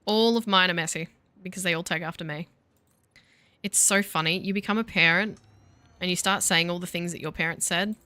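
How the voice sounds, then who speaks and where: A woman's voice: fairly low pitch, brisk, pushed and bright, no room sound. A woman in her thirties chatting casually and with self-mocking sarcasm while streaming a game. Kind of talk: casual live-stream chat while gaming.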